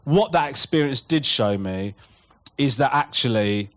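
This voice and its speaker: Animated, swearing man telling stories. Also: mid-range voice, a little slow. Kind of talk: casual storytelling chat.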